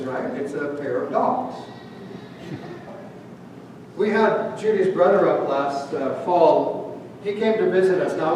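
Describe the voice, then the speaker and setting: A man's voice: fairly high pitch, darkish tone. A man, a pastor, giving a sermon from Canada, telling stories and asking the congregation questions. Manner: storytelling, asks the congregation questions. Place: church sanctuary. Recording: echoey hall from far off, faint hum.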